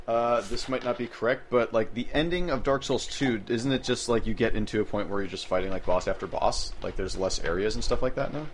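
A man's voice: mid-range voice, a little fast, hardly any pauses, slight background noise. A man co-hosting a casual podcast, rambling and joking, who slips into put-on accents. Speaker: podcast co-host. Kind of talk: casual chat.

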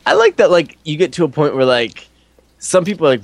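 A man's voice: on the high side, huge pitch swings, fairly quick, vocal fry, no echo. A man chatting casually about video games, rambling with many fillers and playful mock quotes. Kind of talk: casual gaming chat.

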